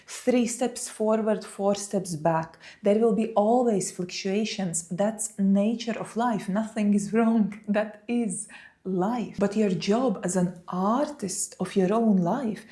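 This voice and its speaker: Calm, mellow-voiced woman telling a story. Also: mid-range voice. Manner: calm, unhurried, speaks with many "like" fillers. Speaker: yoga and meditation teacher. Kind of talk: reflective personal storytelling.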